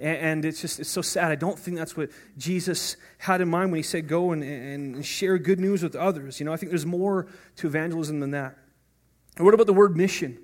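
A man preaching a sermon as pastor in a conversational way, often asking "right?" and restarting his words. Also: on the high side. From North America.

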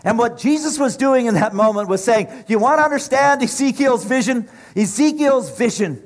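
A middle-aged male preacher delivers a sermon in a notably high voice. He builds his points in rhythmic, repeated phrases and speaks with rising passion. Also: animated, moderate pace.

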